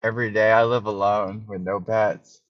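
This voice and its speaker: A man's voice: fairly low pitch, flat delivery, moderate pace, dry recording, dull audio. A man in casual podcast chat, cutting in with dry, teasing quips.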